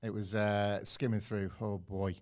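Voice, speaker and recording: A man's voice: fairly low pitch, flat delivery, measured pace. A man co-hosting a podcast, laid-back and reminiscing. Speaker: podcast co-host. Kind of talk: casual banter.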